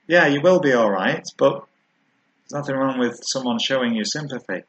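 A man preaching a sermon, earnest and measured, slowing down to stress key words. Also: medium pitch, a bit bright, slight background noise, poor audio.

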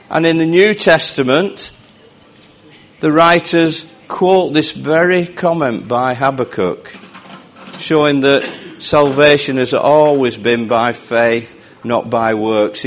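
Male preacher, mid-pitched, chatty delivery, slows down for scripture. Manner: conversational, slows down to read scripture. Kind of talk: sermon.

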